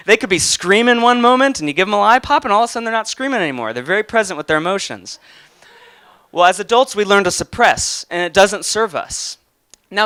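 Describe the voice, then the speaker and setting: A man's voice: high-pitched, bright, forceful tone, clean tone, no echo, studio quality. Earnest young man giving a motivational talk. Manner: earnest, storytelling, some restarts. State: getting emotional. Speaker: motivational speaker.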